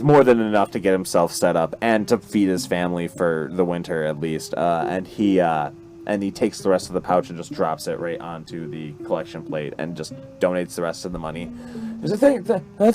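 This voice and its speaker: Rambling game master narrating a tabletop game. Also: male voice, sits low, moderate pace, a little mellow, soft background music. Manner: rambling, filler-heavy narration.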